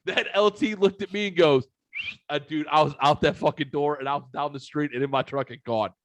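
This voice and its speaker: A man's voice: on the high side, a little fast, noisy background. A middle-aged man hosting a podcast, telling rowdy stories in casual chat, swearing often and saying dude a lot. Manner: profane, animated storyteller saying dude a lot. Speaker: podcast host.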